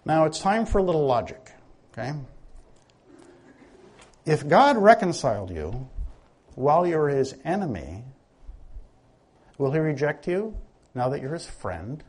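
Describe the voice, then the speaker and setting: A man's voice: a little high, very animated, unhurried, long pauses, a little mellow, slightly rough. A man preaching a sermon in a conversational teaching manner, often asking his listeners questions.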